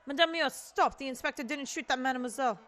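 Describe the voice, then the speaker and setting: A woman's voice: high voice, quick pace, a bit bright, voice pushed up. A woman voicing an earnest male falcon defense lawyer in a game, pleading his case.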